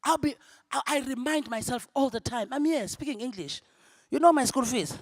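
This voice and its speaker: A young South African woman, a native Zulu speaker, doing a stand-up comedy set. She laughs often and swings between loud punchlines and hushed asides. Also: sits high, animated, normal speed, no room sound, studio quality. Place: convention ballroom.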